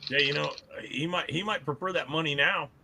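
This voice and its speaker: A man's voice: fairly high pitch, a little fast, gravelly, pushed and bright, a little hiss or hum. A man chatting casually and jokingly on a stream. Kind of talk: casual chat.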